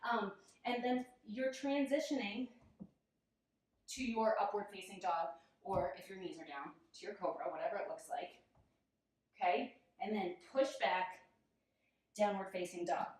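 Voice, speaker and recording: A yoga teacher, breathless and giggly, speaks in a medium-pitched voice at an unhurried pace with long pauses. She's chatty and self-deprecating as she demonstrates and guides poses on a mat, recorded by a camera mic at a distance in a very echoey room that makes her voice sound far away.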